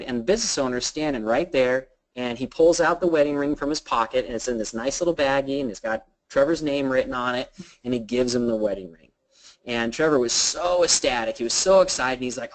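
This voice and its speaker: A man telling an anecdote with lively quoted voices, then giving business advice. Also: medium pitch, poor audio. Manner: animated storyteller acting out quotes. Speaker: business speaker. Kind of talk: storytelling business talk.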